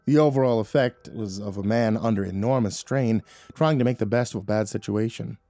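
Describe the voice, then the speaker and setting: Male horror-story narrator, measured, dry close read over faint music. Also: fairly low pitch, dark tone, no echo.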